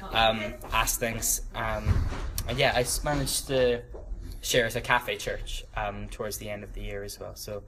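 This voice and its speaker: A man's voice: on the low side, flat delivery, measured pace, few pauses, sharp tone, slight background noise. A young man in his twenties giving a casual, rambling talk to a church youth group, with lots of ums and self-deprecating laughs. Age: 20s. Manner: rambling, many ums and restarts, laughs at his own stories. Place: church room with a small group.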